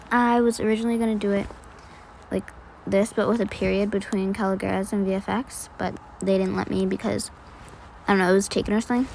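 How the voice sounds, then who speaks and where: A woman's voice: medium pitch, rough recording. Casual young woman, rambling tutorial narrator, faint room hiss. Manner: chatty, self-deprecating, rambling with fillers. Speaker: video editing tutorial creator. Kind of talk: casual screen-recorded tutorial voice-over.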